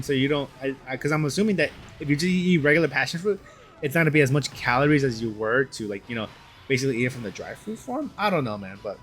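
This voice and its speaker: Young guy rambling over gameplay, kinda high voice, slangy, faint game music behind. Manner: rambling, slangy, says "dude" a lot. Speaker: gaming channel host.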